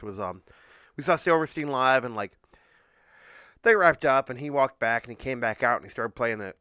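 A man's voice: mid-range voice, sharp tone, dry recording. Man, casual chat, rambling and hesitant, dry close sound.

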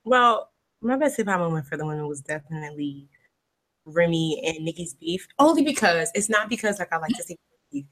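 A woman co-hosting a podcast, telling stories in an animated, casual way with laughter. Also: lowish voice, fairly quick. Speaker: podcast co-host. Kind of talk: casual chat.

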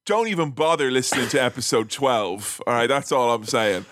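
A man co-hosting a casual film podcast, joking and throwing in quick asides. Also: medium pitch, no room sound, studio quality. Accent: English. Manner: animated, jokey, quick asides. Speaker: podcast co-host.

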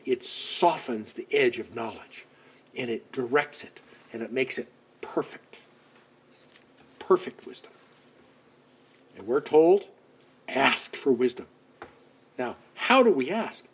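A man preaching a conversational sermon, acting out quoted voices and dropping to soft asides. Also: mid-range voice, breathy edge. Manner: conversational, dramatic swings between loud outbursts and soft asides.

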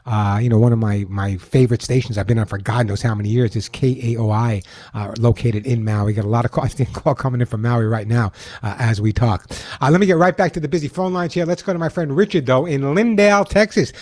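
A man's voice: mid-range voice, fast, a little mellow, dry recording. A man from Long Island hosting a call-in pet radio show, chatty and jokey, often repeating the phone number. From Long Island, New York. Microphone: studio microphone.

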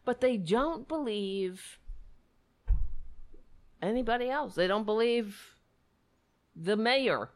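A woman rants in fed-up, sarcastic commentary, her pitch sitting a bit high and swinging widely. She talks slowly and deliberately and swears freely. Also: animated. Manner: sarcastic, exasperated, profane. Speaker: commentator reacting to clips. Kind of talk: ranting commentary.

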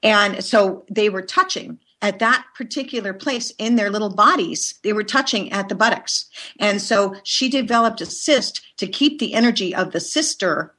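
A woman with a husky, breathy voice tells stories in a lively, animated way, often breaking into laughter. She talks as a healer guest in a relaxed conversation, at a middle pitch. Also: moderate pace, few pauses. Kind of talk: storytelling in a conversation.

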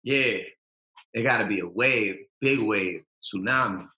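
A man's voice: lowish voice, a little slow, sharp tone, reverberant. A man, a rapper talking as a podcast guest, passionate and emphatic with street slang. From Massachusetts. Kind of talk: casual podcast interview.

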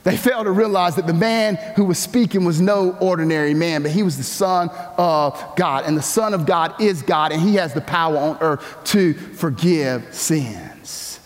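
A pastor preaching a sermon, with animated, emphatic delivery that climbs high and loud to stress his points. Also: normal speed, few pauses. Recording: long hall reverb.

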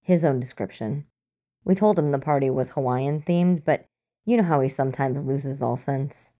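A woman's voice: very deep voice, normal speed, mellow. A woman voicing a prim, smug bearded man in a tie, speaking precisely, in a storybook reading.

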